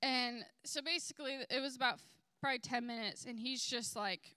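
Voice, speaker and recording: A young woman telling a personal faith testimony, animated and acting out dialogue as she recounts conversations. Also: on the high side, a little fast, smooth, no echo. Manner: animated, quotes dialogue with "I was like". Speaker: testimony speaker.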